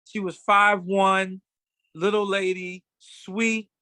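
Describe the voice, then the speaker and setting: Man, high voice, bright, animated storyteller, dry studio sound. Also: slow pace, clear, resonant tone, no room sound. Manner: animated storyteller, acts out quotes. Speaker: fashion designer guest. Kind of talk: casual storytelling interview.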